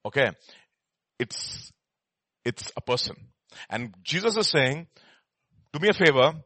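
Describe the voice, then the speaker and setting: A man teaching a Bible study, emphatic, repeating words and swinging between soft and loud. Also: on the high side, lively intonation, unhurried, no room sound.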